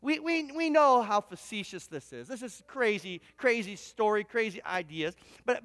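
A man's voice: extremely high pitch, a bit bright. A man preaching a sermon, telling a long illustrative story with frequent stammered restarts. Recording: reverberant hall sound.

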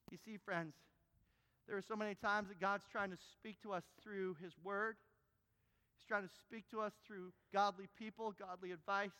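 A man delivers a sermon in a high voice, dropping to soft asides and then rising to loud, insistent emphasis. His words ring out with a long reverb, as in a large church hall. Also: clean tone. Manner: animated preaching, swinging from quiet to loud and emphatic. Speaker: pastor.

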